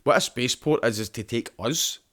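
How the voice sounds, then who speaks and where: Scottish man, podcast host, casual chat, swears a lot, animated explanations, mid-pitched voice. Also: brisk. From Scotland.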